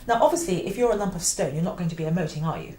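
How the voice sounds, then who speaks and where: A woman teaching the oboe, explaining a piece with clear emphasis and now and then singing a phrase. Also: on the low side, lively intonation, racing, dark tone, roomy sound. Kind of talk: instructional explanation.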